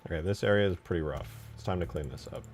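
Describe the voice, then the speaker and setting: Very deep gravelly man, relaxed commentary. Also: fast talker, soft background music. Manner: relaxed, thinks aloud, chatty asides to viewers. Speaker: game modder and channel host. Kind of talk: casual commentary while working.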